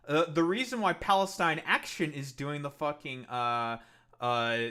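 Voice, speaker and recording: A man's voice: a little high, bright, forceful tone. A man streaming live, ranting in a profane, combative and dismissive way, rambling with many fillers. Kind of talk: casual livestream rant.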